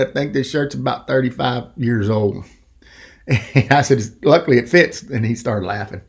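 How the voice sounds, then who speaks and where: A middle-aged man hosting a podcast, telling a story in a rambling, animated way and acting out the quoted voices. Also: medium pitch, normal speed, vocal fry. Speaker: podcast host. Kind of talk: casual storytelling.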